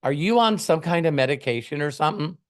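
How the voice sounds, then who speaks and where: A man's voice: a little high, lively intonation, fast, close to an everyday voice. A man doing an impression of a stern, impatient older female TV judge who scolds in clipped demands. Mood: scolding.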